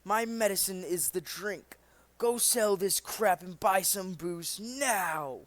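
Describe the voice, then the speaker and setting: A man voicing a loud, crude, drunken old father who barks his orders. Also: sits high, slow, dry recording. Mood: shouting. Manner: barking, crude.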